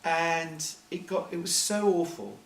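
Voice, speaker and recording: A man's voice: on the high side, sing-song, unhurried, creaky. A man, a film producer, telling rambling, self-deprecating stories with lots of restarts in an interview before an audience. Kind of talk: storytelling interview answers. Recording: echoey hall, distant mic, faint noise.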